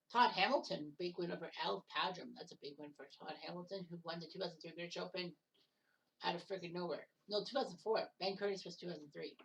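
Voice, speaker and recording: A woman's voice: lowish voice, gravelly, distant mic, slight background noise. A woman giving casual solo commentary on golf results, with joking asides, name corrections and the odd curse word. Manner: joking asides, correcting mixed-up names, occasional swearing. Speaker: commentator of a simulated golf match-play event.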